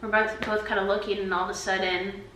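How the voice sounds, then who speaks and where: A woman's voice: medium pitch, level tone, fast, bright, forceful tone, roomy sound, slight background noise, low-quality recording. A woman in her twenties vlogging to her camera, telling stories in a chatty way full of "like". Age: 20s. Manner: chatty, peppered with "like". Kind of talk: casual storytelling to camera. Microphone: camera mic.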